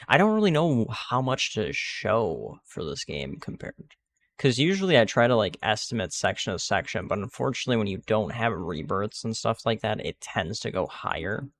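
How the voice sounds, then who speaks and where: Lively gravelly man talking through gameplay. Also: fairly low pitch, normal speed. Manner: rambling, restarts sentences, many fillers. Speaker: gaming video creator. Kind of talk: casual gameplay commentary.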